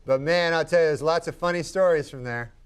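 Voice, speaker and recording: A man from Canada, a talk show guest, telling a long comic story in a deadpan, meandering way with halting restarts. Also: a little high, a little hiss or hum. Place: television studio.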